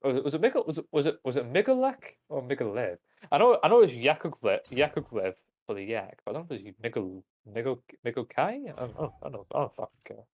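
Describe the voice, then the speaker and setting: A man's voice: medium pitch, sing-song, fast talker, hardly any pauses, no room sound, highs cut off. A young man, a British streamer rambling profanely in casual chat and laughing at his own jokes. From Britain.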